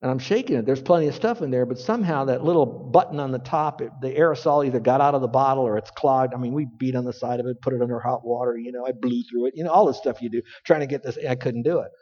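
A man's voice: medium pitch, fast, hardly any pauses, mellow. A man preaching a sermon, telling a folksy story and building to emphatic points. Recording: dull lo-fi recording with long hall reverb.

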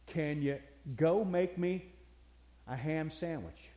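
A man voicing a demanding retired old husband who keeps pestering his wife with requests, in a higher, whinier voice. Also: takes it slowly, mellow, long reverb tail. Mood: fussy demanding.

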